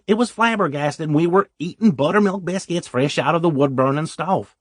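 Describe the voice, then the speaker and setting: Wry male audiobook narrator, slightly high. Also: moderate pace, no echo, studio quality. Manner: wry, self-deprecating. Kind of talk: first-person audiobook narration.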